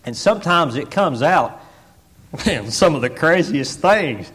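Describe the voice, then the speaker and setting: A man from Tennessee, preaching a folksy story sermon that swings from hushed asides to shouted exclamations. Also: a little high, very animated, unhurried, slightly rough. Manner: folksy, many fillers like "I mean" and "boy". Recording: long reverb of a big church.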